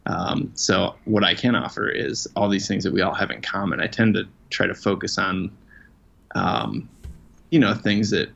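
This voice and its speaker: A low-voiced man with a gravelly, flat delivery, chatting loosely as an interview guest. He pokes fun at himself and rambles through plenty of "um"s and "you know"s. The recording is a bit dull and lo-fi. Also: moderate pace. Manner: self-deprecating, rambling with many fillers. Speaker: guest, outdoor writer. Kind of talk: casual conversational interview. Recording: dull lo-fi sound.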